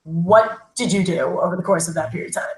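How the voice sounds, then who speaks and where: A woman's voice: lowish voice, fast talker, a little mellow. Curious woman co-host in an echoey room. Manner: curious, asks leading questions. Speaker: podcast co-host. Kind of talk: casual podcast interview.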